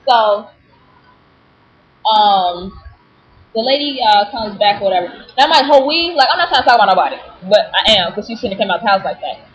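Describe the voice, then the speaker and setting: A woman telling an animated, indignant story in a casual vlog, full of fillers. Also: medium pitch, fairly quick, long pauses. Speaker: vlogger. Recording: dull lo-fi webcam audio with faint hiss.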